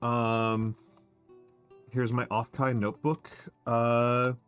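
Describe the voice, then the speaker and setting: A man's voice: mid-range voice, level tone, drawn-out words, fairly bright tone, clean tone, faint music behind. Man with a scratchy throat chatting. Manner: rambling, self-deprecating, reads chat aloud. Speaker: streamer. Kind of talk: casual chat with stream chat.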